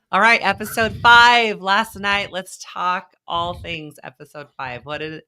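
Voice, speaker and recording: A woman hosting a live online chat, telling stories in a chatty, animated way with quick asides. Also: medium pitch. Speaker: vlog host and former race contestant.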